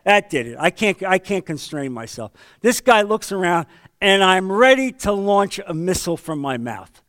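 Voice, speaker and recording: A man leading a men's Bible study, teaching in a conversational sermon style and telling stories with sudden swings between loud and hushed delivery. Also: sits high, sing-song, moderate pace. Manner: storytelling, acts out quoted voices, swings between loud and hushed.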